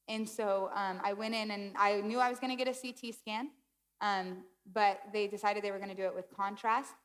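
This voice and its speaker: A woman's voice: mid-range voice, fairly bright tone. A young adult woman preaching a sermon, telling a personal story in an emotional, conversational way. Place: church hall. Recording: long hall reverb.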